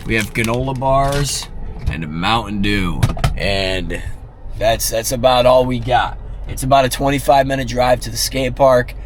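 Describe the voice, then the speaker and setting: A man in his late twenties talks to the camera in a loose, rambling way, cracking jokes and dropping the odd swear word. He records on the go, first from a car and then outside at a skate park. Wind and passing traffic are clearly heard behind his voice. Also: mid-range voice, a little slow. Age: late 20s. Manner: rambling, joking and offhand, with swearing. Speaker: vlogger. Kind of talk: casual vlog chat. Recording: outdoor wind and traffic noise.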